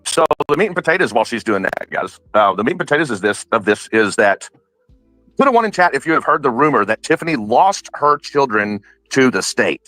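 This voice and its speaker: A man's voice: medium pitch, sing-song, fairly quick, pushed and bright, no echo, soft background music, rough recording. A man hosting a livestream, upbeat, thanking donors and addressing the chat. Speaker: livestream host.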